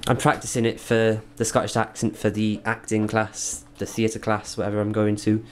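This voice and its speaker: A Welsh man speaking earnestly in a reflective video diary, halting and restarting as he thinks. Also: fairly low pitch, monotone, noisy background. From Wales. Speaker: vlogger.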